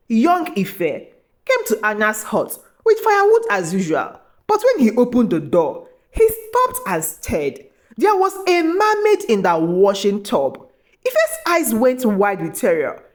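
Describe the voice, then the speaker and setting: Woman storyteller, scripted narration, fairly high voice with big swings in pitch.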